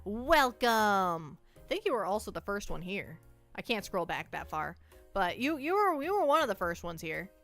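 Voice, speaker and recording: Bright chatty young woman streamer. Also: medium pitch, very animated, moderate pace, faint music behind. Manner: chatty, self-mocking, talks to chat. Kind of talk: casual livestream chat.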